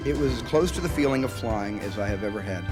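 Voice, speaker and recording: A man's voice: on the low side, lively intonation, fast talker. Earnest man giving a speech over music. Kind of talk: prepared speech.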